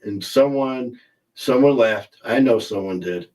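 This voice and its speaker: A man's voice: medium pitch, measured pace, darkish tone, distant mic, rough recording. A man hosting a casual livestream, joking and rambling as he reads out viewer comments. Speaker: livestream host. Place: in a car.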